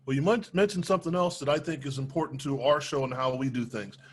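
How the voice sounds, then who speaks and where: A man's voice: medium pitch, fast. A man hosting a sports interview show, chatting casually with his guest. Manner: conversational, affirming with short replies. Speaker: interview host.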